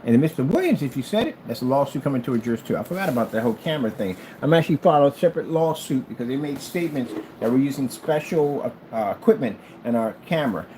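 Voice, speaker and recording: A man's voice: mid-range voice, lively intonation, fast, hardly any pauses, dark tone, slight background noise. A middle-aged man vlogging at home off the cuff, blunt and combative as he runs his small business talk. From United States. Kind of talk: casual unscripted vlog.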